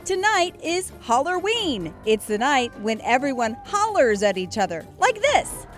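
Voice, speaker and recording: An exuberant, zany hatter from a storybook who talks loudly and with emphasis, as a woman puts him on. The voice sits high and swings about a lot, with soft music faint behind. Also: very animated, moderate pace. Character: excitable zany male hatter.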